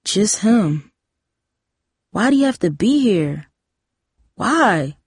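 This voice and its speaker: A woman's voice: medium pitch, big pitch swings, slow, breathy edge, dry recording, clean studio sound, full character voice. A woman voicing a grieving teenage girl who speaks bitterly and pleads for answers.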